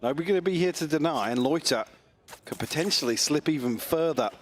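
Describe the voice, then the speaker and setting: A man giving measured analysis as co-caster on a live esports broadcast. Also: fairly high pitch, animated. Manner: measured, analytical, quick laughs. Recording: noisy live broadcast feed.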